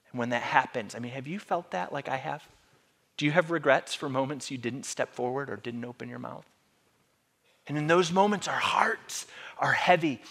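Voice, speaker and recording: A man's voice: mid-range voice, a bit bright. A male pastor giving a sermon in a conversational, dramatic storytelling way.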